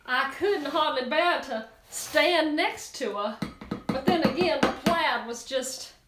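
A woman's voice: high voice, slow, echoey room, noisy background. Woman doing a drawling Southern gossip squash. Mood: gossipy. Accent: Southern US (put on). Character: gossipy prim Southern lady squash, female.

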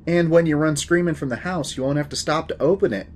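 A man's voice: sits high, very animated, normal speed, a little hiss or hum, voice pushed up. A man doing an eager teenage ghost-hunter boy. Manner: eager, showy and defensive.

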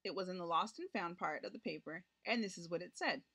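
A woman reading a children's picture book aloud, narrating gently and lifting her voice for the characters' lines. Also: lowish voice, a little fast, few pauses. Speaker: storybook reader.

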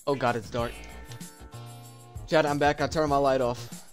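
A young man streaming a horror game, talking in casual slang and switching from low mutters to sudden yelps. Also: unhurried, soft background music. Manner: animated, slangy, jumps from mumbles to yelps. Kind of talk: live horror game commentary.

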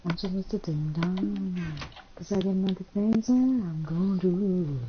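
A woman's voice: fairly low pitch, unhurried, a little hiss or hum. A young Englishwoman from England chatting during a game, teasing and cheeky with plenty of swearing. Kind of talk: casual gaming chat. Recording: slightly dull lo-fi stream audio.

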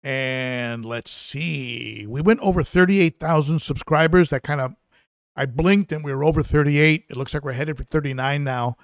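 A man's voice: fairly high pitch, moderate pace, no echo, clean studio sound. Rambling man hosting a live stream. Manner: rambling, lots of fillers and restarts. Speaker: aquarium channel host. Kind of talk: casual live stream chat.

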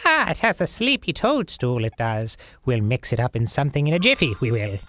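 A man's voice: medium pitch, big pitch swings, fairly quick, fairly bright tone. A man doing a fussy old shopkeeper.

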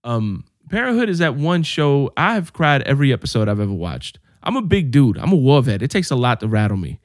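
A man co-hosting a podcast, telling animated, jokey stories in casual chat with some swearing. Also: medium pitch, a little fast, no echo, clean studio sound. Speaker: podcast co-host.

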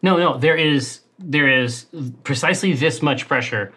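A man's voice: a little high, a little slow, pushed and bright, slightly rough. A man running a tabletop horror game as keeper, with playful, theatrical phrasing. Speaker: game master.

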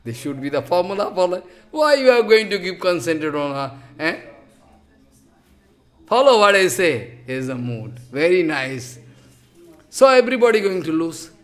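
A spiritual teacher delivers a devotional sermon in a high-pitched, very animated male voice. His phrases come haltingly and repeat, climbing into emphatic rises before dropping suddenly soft.

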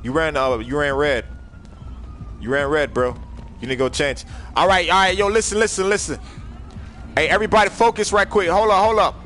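A young man on a gaming livestream, joking loudly and bossing his crew around, jumping from shouts down to low mumbles. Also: a little fast, long pauses, soft background music. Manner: loud, joking, bossy, swings from shouting to mumbling. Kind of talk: casual gaming livestream chat.

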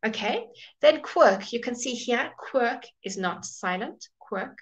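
A woman teaching English pronunciation in a live online class. She says each example word slowly, repeats it, and greets viewers by name as she goes. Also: on the high side, lively intonation. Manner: models words slowly and repeats them.

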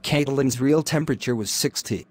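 Flat synthetic male narrator. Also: mid-range voice, moderate pace. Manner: flat text-to-speech delivery. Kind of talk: scripted narration.

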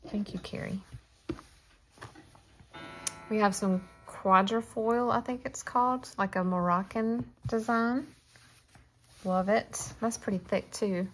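A woman's voice: fairly high pitch, a little slow, a little hiss or hum. A woman chatting casually to her viewers as she shows off fabric she received, gushing and talking straight to the camera. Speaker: crafting vlogger. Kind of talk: casual show-and-tell chat.

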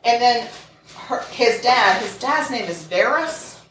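A woman's voice: fairly high pitch, unhurried. Woman telling a true crime story, echoey. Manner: animated, reads quotes aloud with sarcastic asides and laughs. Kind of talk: casual storytelling chat. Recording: echoey room, mic at a distance, faint noise.

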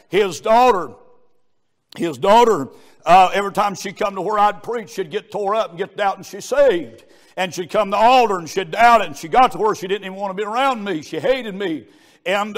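A man preaching a revival sermon, fervent and building to shouts. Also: high-pitched.

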